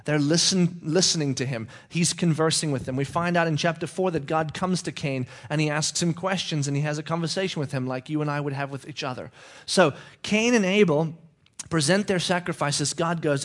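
A man's voice: on the high side, brisk. A male preacher giving a conversational sermon, often checking in with his listeners with "okay?".

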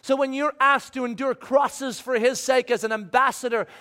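A man preaching a sermon, acting out Bible voices and swinging from loud pleas to hushed, near-whispered lines. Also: very high-pitched, steady tone, normal speed. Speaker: pastor.

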